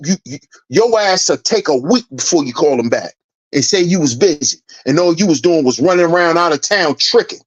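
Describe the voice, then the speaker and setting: A man hosting a commentary channel, preaching an emphatic rant that repeats lines for effect and swears freely. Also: high voice. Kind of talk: ranting social commentary.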